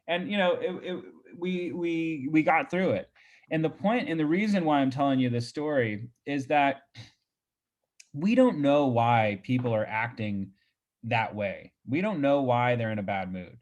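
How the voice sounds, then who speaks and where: A man's voice: medium pitch, lively intonation, moderate pace. A man, a real estate agent, telling a story in a chatty way on a video call, full of fillers and restarts. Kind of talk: casual coaching talk on a video call.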